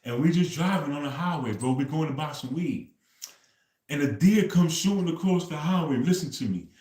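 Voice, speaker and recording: A man's voice: a little high, lively intonation, moderate pace, a little mellow, echoey room. A man hosting a casual livestream, telling stories loosely and tagging "bro" onto nearly every phrase. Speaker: livestream host.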